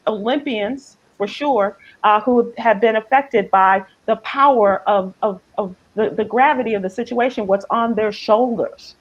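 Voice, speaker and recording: Halting woman hosting a news chat. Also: on the high side, highs cut off. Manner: thoughtful, halting with many fillers. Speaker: host. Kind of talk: casual news discussion.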